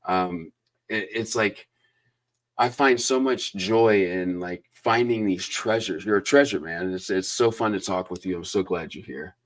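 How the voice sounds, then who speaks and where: A man's voice: low-pitched, unhurried. A male host of a livestream interview, talking enthusiastically in a rambling way with lots of fillers, over a video call. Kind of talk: casual livestream interview chat.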